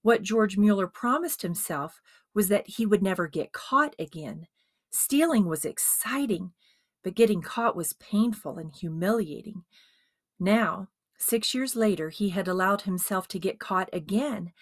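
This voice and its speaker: A woman narrating a dramatized biography as an audiobook, with expressive storytelling. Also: mid-range voice, measured pace, dry recording, studio quality.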